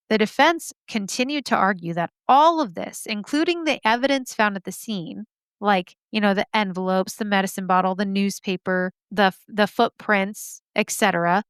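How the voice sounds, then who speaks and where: Smooth-voiced woman, sarcastic true-crime host. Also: mid-range voice, fairly bright tone, no room sound. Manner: sarcastic, chatty asides. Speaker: podcast host. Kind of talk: casual true-crime storytelling.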